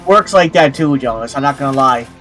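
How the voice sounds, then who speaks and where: A man's voice: mid-range voice, expressive, brisk, fairly bright tone, soft background music. A man chatting casually with a game streamer, telling anecdotes in a chatty way. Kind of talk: casual chat.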